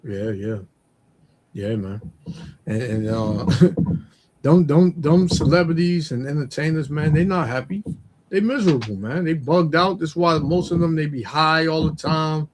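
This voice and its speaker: A man's voice: a little high, a little slow, a little hiss or hum. A man in casual religious talk who backs others up with frequent affirmations and quotes scripture.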